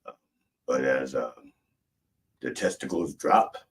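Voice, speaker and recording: A man preaching a comic mock sermon, rambling and deadpan, with many fillers and restarts. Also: extremely low pitch, takes it slowly.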